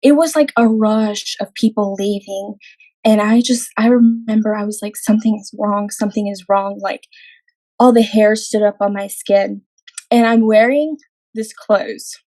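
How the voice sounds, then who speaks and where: A woman's voice: medium pitch, steady tone, unhurried, pauses often, warm tone, no echo, low-quality recording. Earnest young woman telling a testimony. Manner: earnest, acts out her own quoted words, frequent "like". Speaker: podcast guest. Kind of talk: personal testimony storytelling.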